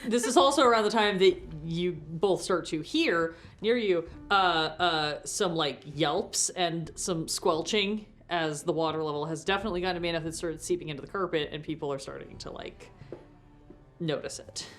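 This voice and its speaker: A woman's voice: fairly low pitch, normal speed, faint music behind. A woman narrating as game master in a tabletop game, chatty and full of fillers. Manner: chatty, lots of fillers, laughs often.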